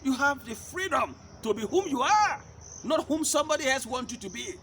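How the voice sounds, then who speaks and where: A man with an extremely high-pitched, bright and forceful voice delivers a sermon-style teaching at a normal speed, very expressively. He fires rhetorical questions at listeners and drives his key points home through repetition. A slight hiss or hum is audible.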